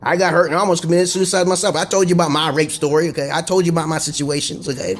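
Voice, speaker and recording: High-voiced man in a profane rambling rant. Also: little pitch movement, fast talker. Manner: profane, rambling, digressive monologue; repeats himself and checks in with "okay?". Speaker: video blogger. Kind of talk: casual vlog rant to camera.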